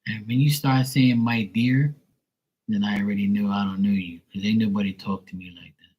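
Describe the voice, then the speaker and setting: A man's voice: on the low side, fairly even intonation, normal speed, breathy edge, lo-fi sound. A man from Bermuda, ranting bluntly and profanely to viewers on a casual livestream. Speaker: livestream host.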